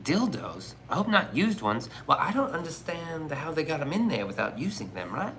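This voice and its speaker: A man's voice: on the high side, very animated, normal speed, sharp tone, a little hiss or hum. A man streaming live, chatting casually with his viewers in joking, profane, rambling banter. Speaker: livestreamer reading chat. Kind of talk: casual livestream chat.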